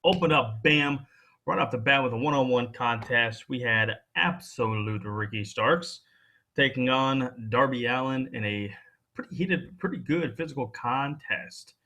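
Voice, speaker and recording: A man's voice: medium pitch, a little slow, bright, forceful tone. A man hosting a wrestling podcast in loose, playful casual chat, teasing his co-host and using slang.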